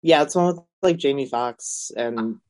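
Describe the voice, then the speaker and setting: A woman's voice: rumbling low, measured pace, a little mellow. A woman co-hosting a podcast in casual chat, curious and full of questions, recorded over a remote call. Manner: curious, asks many questions. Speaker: podcast co-host.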